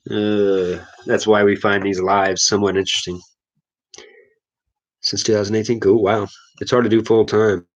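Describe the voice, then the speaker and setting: Laid-back man from Missouri, low voice. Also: fairly bright tone, low-quality recording. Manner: laid-back, rambling, chuckles often. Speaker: livestream host. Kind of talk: casual live chat with viewers.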